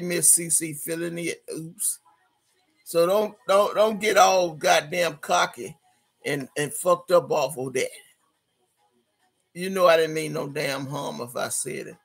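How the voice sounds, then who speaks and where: A woman's voice: low voice, vocal fry, breathy edge. A woman hosting a livestream, reading out chat comments in a brash, profane, laughing way. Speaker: livestream host.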